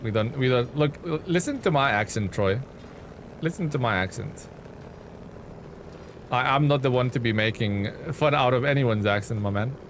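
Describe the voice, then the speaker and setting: A man's voice: medium pitch, expressive, normal speed, long pauses, a little hiss or hum. A young man giving casual, rambling commentary while he streams a game and thanks viewers in chat.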